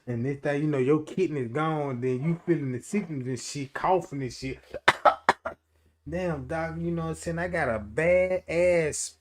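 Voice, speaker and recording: A man doing a loud comedic livestream rant, animated and profane, laughing often and acting out quotes in different voices. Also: a little high, measured pace, very noisy. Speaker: streamer.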